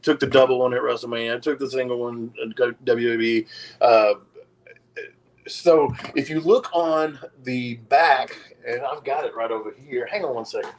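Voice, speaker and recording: A man's voice: mid-range voice, normal speed, rough recording. A middle-aged man, a retired wrestler and podcast guest, telling stories in a casual, profane, laid-back way. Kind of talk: casual storytelling.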